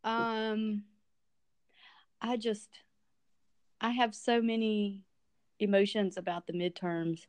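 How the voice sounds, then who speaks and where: A woman in casual chat, talking in an expressive, halting way about her feelings. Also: mid-range voice, clear, resonant tone, no echo.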